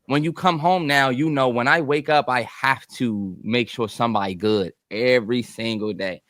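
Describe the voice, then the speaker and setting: A man's voice: medium pitch, normal speed, fairly bright tone, no room sound, clean studio sound. A man co-hosting a podcast in casual chat, telling stories in a laid-back way and swearing freely. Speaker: podcast co-host.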